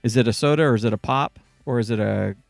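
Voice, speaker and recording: A man's voice: medium pitch, quick pace, creaky, dry recording, soft background music. A man hosting a casual live stream show, playful and joking while he sets things up. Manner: playful, jokey, multitasking. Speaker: show host.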